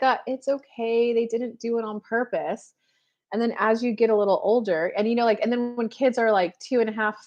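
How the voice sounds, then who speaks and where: Chatty woman hosting a live stream. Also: on the high side. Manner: chatty, many fillers, speaks straight to viewers. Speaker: spiritual coach hosting a live show. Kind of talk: casual live-stream chat.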